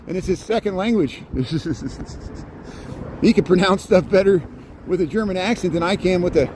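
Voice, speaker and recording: A man with a Chicago accent rambles cheerfully as he walks outdoors, pointing out sights and greeting viewers by name. His voice sits a little high, recorded on a handheld phone. Street traffic is clearly heard behind him. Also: expressive, measured pace, long pauses, darkish tone. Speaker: live-streaming walking tour host. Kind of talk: casual live-stream walking commentary. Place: outdoors on a busy city street.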